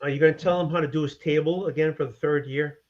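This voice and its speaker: A man's voice: a little high, steady tone, fast, muffled recording. A man ribbing the others with crude jokes in a casual group chat.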